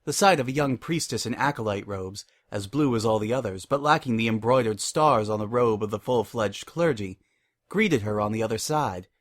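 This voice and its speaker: A man narrating a story in a measured, expressive dramatic reading. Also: fairly low pitch. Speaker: reader.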